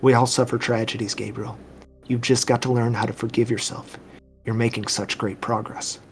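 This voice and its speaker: A man voicing a calm psychiatrist who speaks gently and quietly to a patient. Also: mid-range voice, moderate pace, soft background music, close to an everyday voice. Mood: consoling. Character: calm soft-spoken male psychiatrist.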